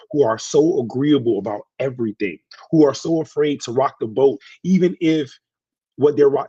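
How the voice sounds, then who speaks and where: A man's voice: mid-range voice, mellow, slightly rough, no room sound, dull audio. A man speaking as a guest in a casual interview, earnest and emphatic, repeating his points. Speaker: guest, radio show host.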